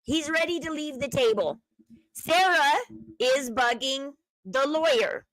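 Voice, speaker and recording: A woman talking casually as host of a commentary channel, chatty and speculative, dropping to a low murmur when she quotes people. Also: takes it slowly, fairly bright tone, no echo, rough recording. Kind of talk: casual commentary over a video clip.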